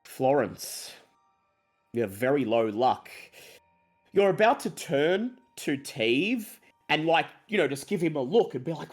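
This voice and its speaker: Slow, brooding horror game master, man. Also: medium pitch. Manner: slow, dramatic descriptive narration. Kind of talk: narrating a tabletop horror game.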